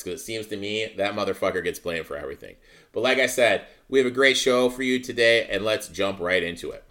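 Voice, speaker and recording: A man's voice: deep voice, a bit bright. A man hosting a sports podcast, talking casually and bluntly, cursing freely as he rants. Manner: blunt, profane ranting. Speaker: podcast host.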